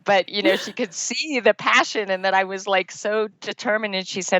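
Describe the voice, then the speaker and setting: A woman's voice: medium pitch, normal speed, hardly any pauses, a bit bright, no echo. A middle-aged woman, a podcast guest, telling an earnest personal story and laughing at herself now and then. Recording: dull, dry lo-fi podcast recording.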